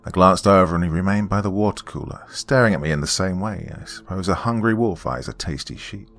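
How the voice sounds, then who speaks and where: A man narrating a first-person horror story in a measured voice that drops to a hush at tense moments. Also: sits low, soft background music.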